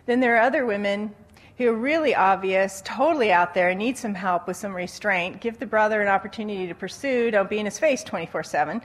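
A woman giving a conversational Christian teaching talk on dating, telling stories with animated quoted voices and frequent laughter. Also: mid-range voice, a little fast. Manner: animated storytelling, acting out quotes, laughs often.

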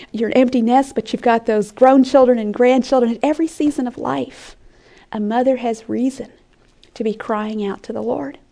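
A woman teaching scripture in an earnest, heartfelt way, sinking into hushed whispers to stress a point. Her voice is warm and mellow, sitting a little high. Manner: earnest, drops to soft whispers for emphasis. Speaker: Bible teacher. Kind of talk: sermon-style Bible teaching. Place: conference room with an audience.

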